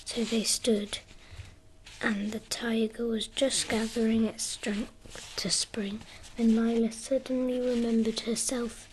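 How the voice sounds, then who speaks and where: A woman reading a children's story aloud in a soft, unvoiced ASMR whisper. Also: medium pitch, slight background noise, poor audio.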